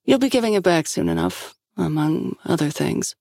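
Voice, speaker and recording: A woman's voice: sits low, wildly swooping pitch, moderate pace, mellow, no echo, full character voice. A woman voicing a dry, no-nonsense woman guarding the team's equipment. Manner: dry, wry.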